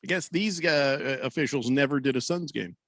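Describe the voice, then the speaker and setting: Recorded dry through a studio microphone, this male sports radio host talks casually and jokily, slightly breathless, rambling and restarting while telling a story. He speaks at a moderate pace in a mid-range, fairly bright voice.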